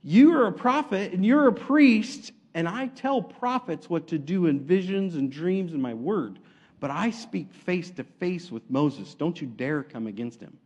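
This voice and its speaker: A man's voice: high voice, lively intonation, unhurried, a little mellow. A man voicing God as a stern, commanding male figure.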